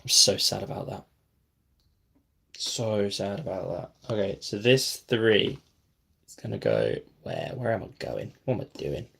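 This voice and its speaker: A man narrates his build in a slow, unhurried way. His voice has a gravelly, creaky edge. He chats to himself and sometimes drops to a near whisper as he concentrates. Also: on the low side, expressive, a bit bright. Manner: self-deprecating, talks to himself while building. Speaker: brick-building vlogger. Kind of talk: casual build commentary.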